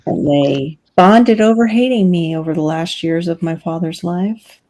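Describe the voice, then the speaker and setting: A woman's voice: fairly low pitch, measured pace, darkish tone, no echo. A woman chatting casually on a family live stream, candid and wry, laughing often, picked up by a webcam mic at home. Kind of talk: casual chat.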